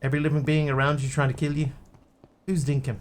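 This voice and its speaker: A man's voice: a little high, flat delivery, fast talker. Chatty man streaming a game. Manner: chatty, jokey, reads chat aloud. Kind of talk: casual game stream chat.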